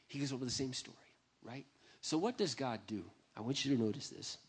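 A middle-aged man who is a pastor, telling a personal story in a sermon. He swings from hushed, confiding lines to loud, impassioned ones. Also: mid-range voice, animated, fairly quick, breathy edge.

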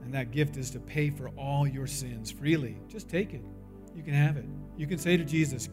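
A man's voice: medium pitch, normal speed, music in the background. A man preaching a sermon, telling a story and acting out the voices in it, then pleading earnestly with his listeners. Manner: animated storyteller, acts out voices in dialogue; earnest, urgent appeal to the audience. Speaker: pastor.

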